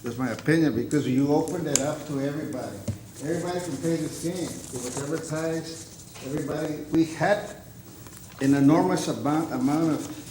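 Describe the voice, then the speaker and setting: Guy arguing his point at a board meeting, mellow voice, echoey room w faint hum. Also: on the high side. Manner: insistent, halting, argumentative. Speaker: public commenter at a board meeting. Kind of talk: public comment at a board meeting.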